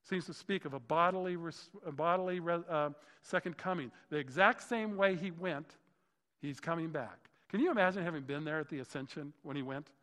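A man's voice: fairly high pitch, a little fast, a bit bright. A man preaching a sermon as a pastor, enthusiastic and often exclaiming in wonder. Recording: long reverb of a large hall.

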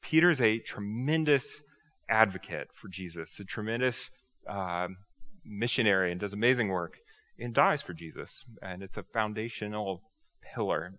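A man preaching a sermon in a relaxed, conversational way, asking rhetorical questions and joking at his own expense. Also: on the low side. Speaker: pastor.

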